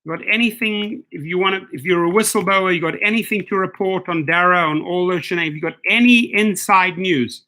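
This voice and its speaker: A man hosts a live stream with a fairly high speaking voice, reading viewer comments one after another. He talks bluntly and turns indignant, hammering the same point again and again. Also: fairly quick, few pauses, bright, forceful tone. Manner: indignant, blunt, repeats himself for emphasis.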